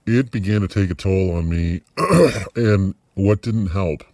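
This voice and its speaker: A middle-aged man talking through a personal video diary, reflective and halting, with many fillers and restarts. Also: deep voice, animated, darkish tone, no echo, clean studio sound. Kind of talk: personal vlog monologue.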